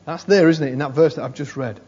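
A fast-talking man with a fairly high, husky and somewhat mellow voice delivers a conversational sermon. He repeats phrases for emphasis and says "you know" a lot, captured in a dull, lo-fi recording.

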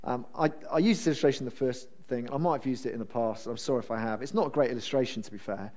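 A man preaching a sermon in a chatty, self-deprecating and animated way. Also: mid-range voice, rapid-fire.

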